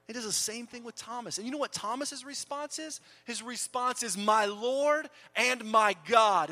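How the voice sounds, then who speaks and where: A middle-aged man preaching a sermon as pastor, dramatic, swinging from loud urging to soft hushed words. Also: a little high.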